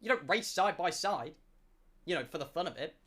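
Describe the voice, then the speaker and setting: A man's voice: fairly high pitch, lively intonation, brisk, a bit bright. A man streaming, telling a comic story to his chat, swearing and exaggerating. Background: music.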